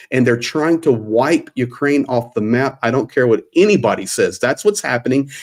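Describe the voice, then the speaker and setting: A man's voice: medium pitch, a little mellow. An American man talking on a video call, fervent and preachy, repeating himself for emphasis. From United States. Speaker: aid volunteer guest. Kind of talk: impassioned panel talk.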